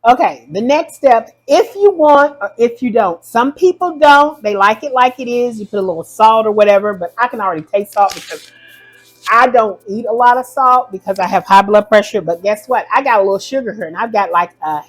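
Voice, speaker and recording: A woman's voice: on the high side, animated, fairly quick, low-quality recording. A woman hosting a casual home cooking demonstration in her kitchen, chatty and rambling, often correcting herself mid-sentence. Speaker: home cooking video host.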